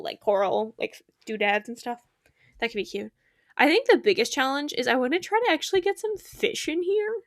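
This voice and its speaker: A bubbly young woman chats through a casual game stream, giggling and getting excited. Her slightly high voice is gravelly, recorded close and dry with no room sound.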